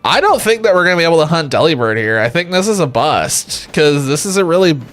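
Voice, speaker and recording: Animated, jokey game streamer. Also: mid-range voice, fast talker, soft background music. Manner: animated, jokey, swears casually; hums and sings nonsense while playing. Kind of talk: live game stream commentary.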